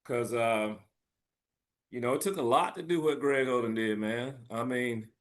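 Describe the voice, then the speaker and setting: A man's voice: mid-range voice, a little slow. A man in casual sports chat, joking and teasing, often laughing as he talks. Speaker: podcast co-host. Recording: loud noisy recording.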